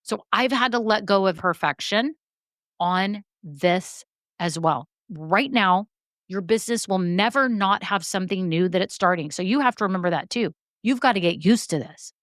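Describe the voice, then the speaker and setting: A woman hosting a solo business-coaching podcast, talking in an energetic, emphatic way and repeating her key points. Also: mid-range voice, normal speed, no echo, studio quality. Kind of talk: solo motivational podcast talk.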